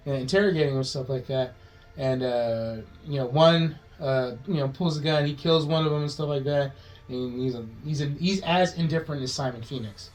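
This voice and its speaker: A man co-hosting a podcast, pitching a movie plot in a rambling, swearing way and acting out the characters' lines in quick changing voices. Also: a little mellow, low-quality recording. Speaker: podcast co-host.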